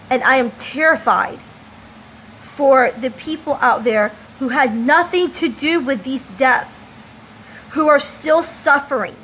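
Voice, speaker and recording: Vlogger woman, high voice, slow deliberate delivery, faint room ambience behind. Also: a bit bright, slight background noise, poor audio. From United States. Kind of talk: opinion monologue to camera.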